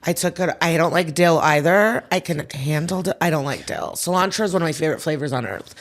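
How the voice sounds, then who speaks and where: A woman's voice: low-pitched, a little fast. A woman comedian talking as a podcast guest, frank and reflective, often restarting her sentences. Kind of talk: casual chat.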